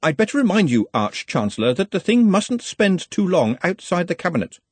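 A man's voice: high-pitched, very animated, a little fast, slightly rough, no echo, voice pushed up, heavily acted. A man voicing a prim, fussy young male wizard assistant who speaks precisely.

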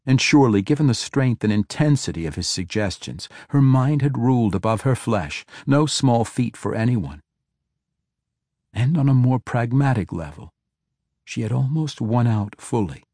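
A man narrating a fantasy novel in a measured, steady reading. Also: lowish voice, dry recording, studio quality. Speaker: audiobook narrator.

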